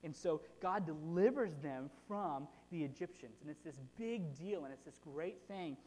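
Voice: medium pitch, normal speed. Chatty preacher in an echoing hall. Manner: chatty, frequent rhetorical "right?" checks, animated retelling. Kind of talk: casual conversational sermon. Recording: long hall reverb.

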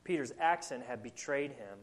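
A man's voice: mid-range voice, lively intonation, normal speed. Earnest Southern US man preaching. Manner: earnest, asks rhetorical questions. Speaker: pastor. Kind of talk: sermon.

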